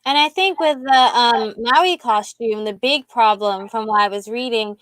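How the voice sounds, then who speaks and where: A woman's voice: a little high, unhurried, a bit bright, no echo. A woman speaking as a panelist with a fashion design background on a video call, explaining steadily and articulately.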